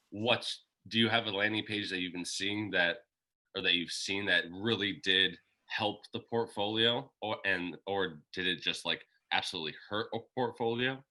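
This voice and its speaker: A man's voice: low-pitched, sharp tone. A young adult man, a student, asking a question hesitantly with many fillers. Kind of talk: casual question.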